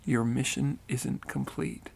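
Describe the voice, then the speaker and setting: A man reading as a quiet, firm grandmother spirit. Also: medium pitch, steady tone, slow pace, vocal fry, husky, no echo, heavily acted.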